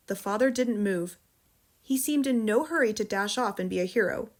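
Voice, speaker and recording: An American woman narrating a children's novel in a calm, measured storytelling voice. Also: medium pitch. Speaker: audiobook reader. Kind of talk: audiobook narration.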